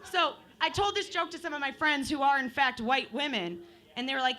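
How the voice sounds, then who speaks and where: On a bar stage at an open mic, a Michigan woman in her twenties does stand-up with a high-pitched, fairly quick, sharp voice. She's chatty and profane, playing with the crowd.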